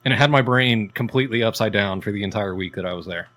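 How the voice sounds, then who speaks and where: A man's voice: fairly low pitch, fast talker, a bit bright. A man co-hosting a podcast, telling rambling, profane stories in casual chat. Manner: profane, rambling storytelling with laughs. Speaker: podcast co-host.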